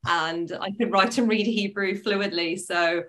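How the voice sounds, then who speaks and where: A woman's voice: medium pitch, measured pace, a crowd in the background. A woman from Israel, a chatty, laughing interview guest talking about her work in brand strategy. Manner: lively, laughing, chatty with fillers. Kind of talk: casual interview chat.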